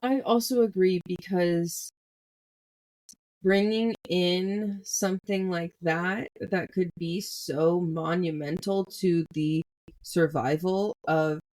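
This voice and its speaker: A woman's voice: fairly low pitch, steady tone, darkish tone. A young American woman co-hosting a casual book podcast, teasing her co-host playfully. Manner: playful teasing, drawn-out delivery. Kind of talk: casual book-club chat.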